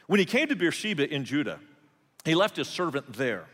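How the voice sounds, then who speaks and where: A man's voice: on the high side, big pitch swings, a little fast, a bit bright. A male pastor preaching a sermon, telling the story conversationally with humorous asides. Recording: long hall reverb.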